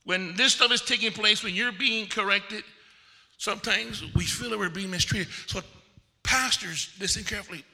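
A man preaching a sermon at a leadership conference, telling animated stories and acting out the voices of people he quotes. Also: high-pitched, normal speed. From Texas. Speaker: pastor. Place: conference hall. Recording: long hall reverb.

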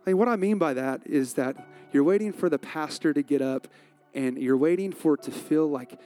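A man pastor preaching a sermon in a conversational, animated way, acting out quotes from the story. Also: fairly high pitch, normal speed, soft background music.

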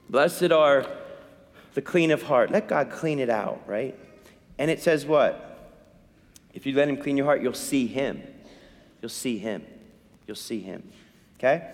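A male priest delivers a sermon in a church, his voice a touch high and swinging widely up and down. He presses his listeners with urgent questions and repeats his key lines. A long reverb trails behind every phrase. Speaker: Catholic priest.

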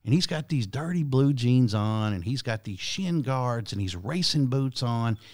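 A man hosting a podcast spins a long, profane, rambling story, frequently starting over as he goes. His medium-pitched voice is animated and a little mellow, and his pace is measured.

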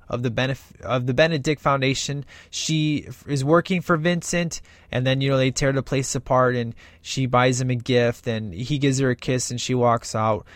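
A man in casual commentary, talking with loose, rambling enthusiasm and slipping into quoted lines as he goes. His voice sits in a middle register. The recording is dry and close, with no room echo. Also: mid-range voice. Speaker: movie reviewer.

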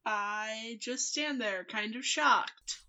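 A woman's voice: fairly high pitch, slow, pushed and bright, lo-fi sound. A woman player at a tabletop game, talking expressively.

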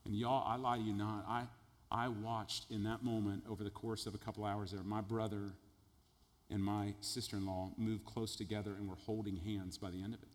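A middle-aged man preaching a sermon as a personal testimony, animated in his storytelling and swinging between loud jokes and quiet, earnest passages. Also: mid-range voice, fairly quick. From Texas. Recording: echoey hall with long reverb.

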